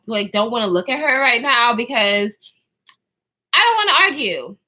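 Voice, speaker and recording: Lively bright-voiced woman telling a story. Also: high voice. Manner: animated, slangy, swears freely, trails off and restarts. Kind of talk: casual storytime to viewers.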